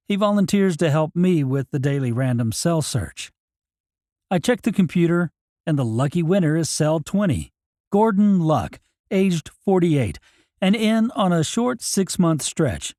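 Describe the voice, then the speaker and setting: Mellow-voiced male audiobook narrator. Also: fairly high pitch, dry recording, clean studio sound. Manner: plain, matter-of-fact storytelling. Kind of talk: first-person audiobook narration.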